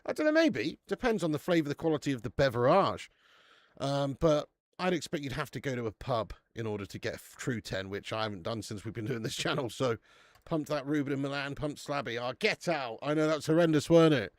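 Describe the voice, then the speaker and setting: A man with a British English accent hosts a live beer review stream from a warm room at home. He chats casually, banters with viewers and swears freely. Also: mid-range voice, lively intonation, a little fast, no echo, studio quality.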